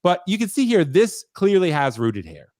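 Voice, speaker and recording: A man hosting a casual collectors' chat, excited and chatty, sounding congested from a cold. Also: high voice, moderate pace, dry recording, studio quality. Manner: excited, chatty, says dude a lot. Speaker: host.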